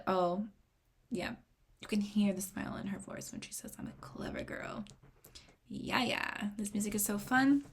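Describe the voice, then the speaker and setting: Gravelly-voiced excitable young woman. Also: mid-range voice, a little hiss or hum. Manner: excitable, rambling, often drops to a whisper while reading notes. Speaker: music reaction vlogger. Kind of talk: casual reaction commentary.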